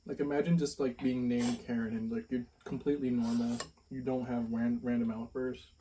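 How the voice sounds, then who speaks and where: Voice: medium pitch, flat delivery, brisk, mellow, recorded from a distance, a little hiss or hum, poor audio. A guest at a casual mukbang in a home kitchen, playful and self-mocking.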